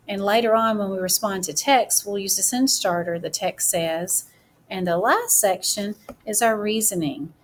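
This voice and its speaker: A woman teacher talks through a writing lesson in an even, mid-pitched voice, spelling out each step for her students. She slows right down whenever she dictates what she is writing and keeps an encouraging tone. A faint noise sits under the recording. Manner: slow, deliberate dictation while writing.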